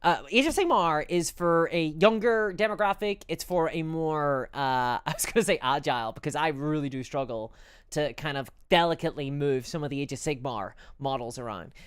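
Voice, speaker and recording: A woman's voice: low-pitched, normal speed, clear, resonant tone, no room sound. A woman chatting casually on a live stream, reading out and answering chat messages, rambling and stumbling over her words.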